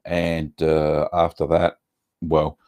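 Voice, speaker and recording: A middle-aged Australian man hosting a casual livestream chat, relaxed and rambling with lots of ums and uhs. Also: rumbling low, takes it slowly. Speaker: cheese-making livestream host.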